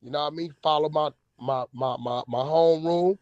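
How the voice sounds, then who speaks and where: Man, host, naturally loud, aggressive, blunt, lo-fi dry audio. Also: fairly high pitch, moderate pace, no echo. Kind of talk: heated casual chat. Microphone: online audio room.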